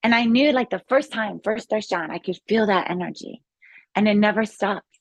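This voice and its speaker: A woman who is a yoga instructor tells her healing story in a casual, excited, rambling way, with many restarts. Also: medium pitch, normal speed, no room sound. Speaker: guest sharing a healing testimony. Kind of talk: casual spoken testimony.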